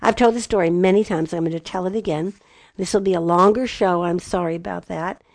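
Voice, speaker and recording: A middle-aged woman teaching about marriage, slow and emphatic, with playful asides. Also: lowish voice, fairly even intonation, no echo, studio quality. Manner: slow emphatic delivery, spelling words out. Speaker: Bible teacher. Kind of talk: teaching talk.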